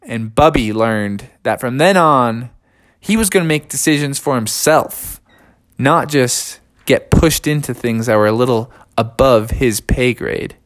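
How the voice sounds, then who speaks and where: A man's voice: medium pitch, measured pace. Casting: young father improvising a bedtime story, playful and loose. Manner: playful, rambling with casual slang.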